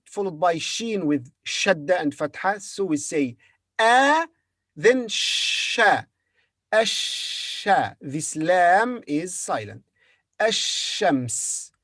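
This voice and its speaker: A man's voice: sits high, no echo. A man teaching a beginner language lesson, spelling each word letter by letter and repeating it several times. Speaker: Arabic teacher.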